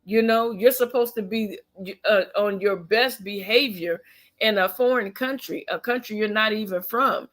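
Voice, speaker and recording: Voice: medium pitch, normal speed, a bit bright. A tired, yawning vlogger gives pointed commentary on news stories. The speaker reads a passage aloud, then stops to react with strong opinions. The talk is emphatic and loose, full of fillers and restarts.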